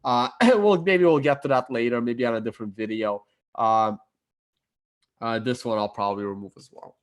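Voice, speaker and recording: A man talking casually through market charts on his screen, halting with fillers and self-corrections, his voice a little worn and croaky. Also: mid-range voice. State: losing his voice, clearing his throat. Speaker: crypto chart analyst.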